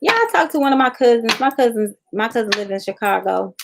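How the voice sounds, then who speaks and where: Southern memphis lady on a tarot livestream, folksy, calls everybody y'all and honey, gravelly voice. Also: fairly high pitch, expressive, fast talker, noisy background. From Southern United States. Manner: folksy, reads viewer comments aloud and addresses them as y'all and honey. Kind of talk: casual livestream chat with viewers.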